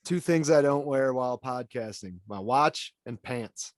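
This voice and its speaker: A tipsy man chimes into a podcast chat with wry, understated one-liners. His voice is mid-pitched and recorded close and dry, with no room sound. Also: measured pace, no room sound. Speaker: podcast co-host.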